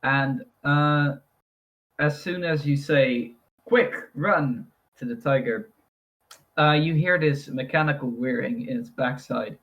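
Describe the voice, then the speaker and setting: A man's voice: medium pitch, a little slow, muffled recording. A man narrating a tabletop role-playing game as game master, improvising scenes with loose, rambling description.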